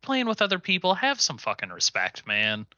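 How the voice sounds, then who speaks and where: A man co-hosting a casual gaming podcast, talking in a relaxed, matter-of-fact way. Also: high-pitched, moderate pace, smooth, dry recording, lo-fi sound. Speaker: podcast co-host.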